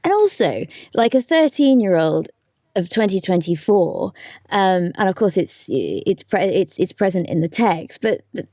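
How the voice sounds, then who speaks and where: A woman audiobook narrator talking over her work in a relaxed discussion, thoughtful and hesitant, with frequent laughter. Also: medium pitch, unhurried, dry recording, clean studio sound. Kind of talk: conversational discussion.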